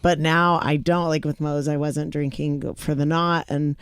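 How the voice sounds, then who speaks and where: A woman's voice: deep voice, little pitch movement, measured pace, clear, resonant tone, no echo, studio quality. A woman, a country singer on a podcast, chatting casually and telling stories with easy laughs. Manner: chatty, storytelling, laughs easily.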